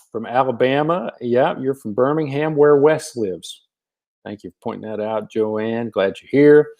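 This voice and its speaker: A man in a relaxed livestream from home, reading out viewers' names one after another in a folksy, easygoing way. His voice sits at an ordinary middle pitch, and he fills his pauses with plenty of ums and uhs. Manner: folksy, warm greetings by name, frequent fillers. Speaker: gospel singer hosting a livestream. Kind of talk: casual livestream chat greeting viewers.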